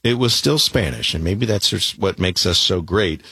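A man's voice: deep voice, lively intonation, normal speed, sharp tone, husky, dry recording. A man hosting a late-night talk radio show, taking calls in an easygoing, conversational way.

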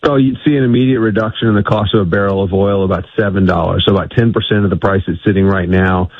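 Deep husky man on a phone line. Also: fairly even intonation, fast talker, dry recording. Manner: emphatic, restarts often. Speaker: energy policy guest. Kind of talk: phone-in radio interview.

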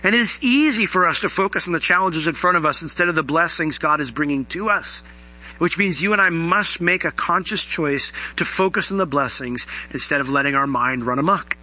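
A man's voice: fairly quick, rough recording. A male pastor delivering a sermon, teaching verse by verse and asking the congregation questions. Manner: animated preaching, rising pitch on questions.

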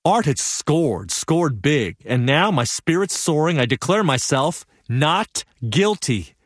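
Young male solo stage performer, very expressive swoops, animated narration. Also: fairly high pitch, slow, no room sound, studio quality. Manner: vivid, animated storytelling. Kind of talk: one-man theatrical monologue.

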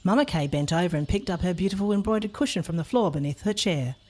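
Husky woman reading a storybook. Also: on the low side, fast talker. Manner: expressive, playful. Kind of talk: storybook narration.

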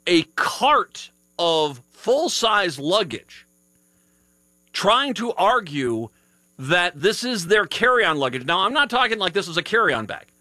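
A man hosting a live radio show, tired after a long day of travel. He talks casually and rambles, restarting his sentences often. His voice sits a bit high and bright, close and dry in the studio. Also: dry recording. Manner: rambling, with many restarts and laughs. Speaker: radio host.

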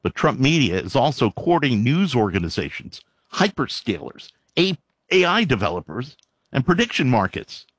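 A man reads news aloud in a lively, swooping voice, stopping often to add sarcastic, exasperated remarks and heavy sighs. His pitch sits mid-range for a man. The sound is dry and close, with almost no room around it. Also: normal speed, husky, dry recording. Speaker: commentator reading news. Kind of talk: reading news aloud with commentary.

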